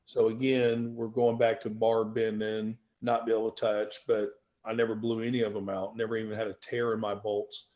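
A man telling stories as a powerlifting guest in a casual interview, animated and swearing freely. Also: fairly low pitch, normal speed, hardly any pauses. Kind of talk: casual storytelling.

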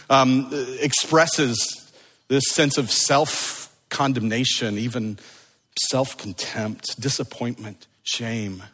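Middle-aged man, pastor, unhurried husky sermon delivery, urgent peaks then hushed repeats, reverberant hall. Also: medium pitch. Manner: swings between urgent emphasis and hushed, slow repetition. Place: church sanctuary.

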